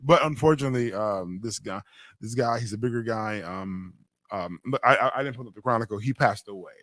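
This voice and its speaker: A man's voice: on the low side, a little fast, fairly bright tone, no room sound. A man from Western New York hosting a casual radio talk show, telling stories animatedly and laughing often. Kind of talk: casual chat.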